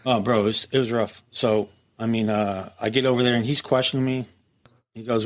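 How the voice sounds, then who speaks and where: A man's voice: medium pitch, moderate pace. A middle-aged man, a former prison captain, telling war stories in a casual interview, swearing freely and acting out the dialogue. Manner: animated, profane, acts out quoted dialogue.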